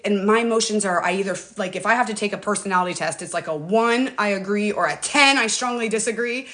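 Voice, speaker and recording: A middle-aged woman hosting a casual livestream from her phone or webcam. She talks in a chatty, emotional way and keeps calling out to her viewers directly. Her pitch sits in a middle range. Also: a bit bright. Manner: chatty, emotional, addresses viewers as "you guys". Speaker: livestream host.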